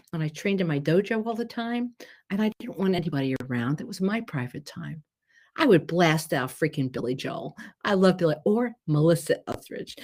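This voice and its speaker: A woman teaching energy healing in a casual, chatty talk, animated and quick to laugh. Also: medium pitch. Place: West Coast.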